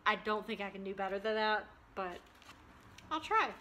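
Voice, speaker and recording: A woman's voice: mid-range voice, expressive, normal speed, pushed and bright, a little hiss or hum. A woman chatting casually and enthusiastically as a vlogger, showing her cross-stitch purchases with frequent ums. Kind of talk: casual show-and-tell chat.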